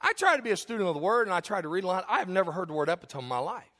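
Male pastor, high bright voice, comic sermon storytelling, chuckles at his own jokes. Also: rapid-fire. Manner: laughs often at his own stories, animated.

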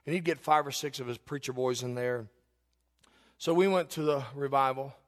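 A man preaching a sermon as a pastor, telling a personal story and building to fervent, shouted exhortation. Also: medium pitch, normal speed, big-room sound.

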